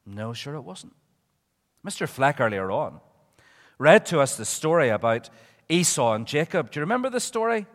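A man giving a children's talk in church, an animated storyteller who asks the children questions. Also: a little high, normal speed. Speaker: preacher. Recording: echoey church hall.

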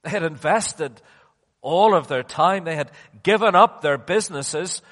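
Man preaching, high voice, slow and drawn out, big echoey hall. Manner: slow and emphatic, dropping to near-hushed tones then rising. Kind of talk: sermon. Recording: long reverb of a large hall.

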